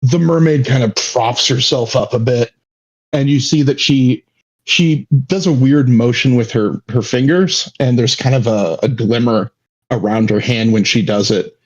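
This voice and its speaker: A man's voice: mid-range voice, measured pace, dull audio. A man running a tabletop game as game master, narrating with many halts and restarts.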